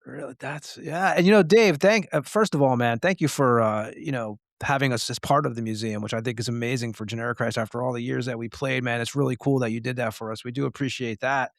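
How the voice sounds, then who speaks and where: A man's voice: mid-range voice, fast talker, few pauses, dry recording, studio quality. A man, co-hosting a podcast and asking questions in a friendly, rambling way. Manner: friendly, filler-heavy questions. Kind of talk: casual chat.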